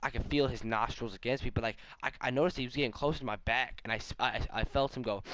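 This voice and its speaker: A young man casually telling a rambling, animated story while gaming, full of fillers and asides. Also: medium pitch, quick pace, few pauses, clear, resonant tone, no room sound. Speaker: vlogger.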